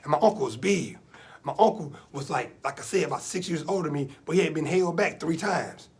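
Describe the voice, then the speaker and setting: A man doing live comedy storytelling, animated and repeating himself for effect. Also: on the high side, a little fast, slightly rough. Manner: animated, vernacular storytelling with repetition. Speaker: stand-up comedian.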